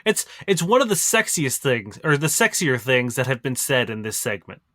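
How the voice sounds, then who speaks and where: A man's voice: mid-range voice, sing-song, moderate pace, bright, forceful tone, dry recording, studio quality. A man co-hosting a podcast, earnestly thanking listeners in a casual, chatty sign-off. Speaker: podcast co-host.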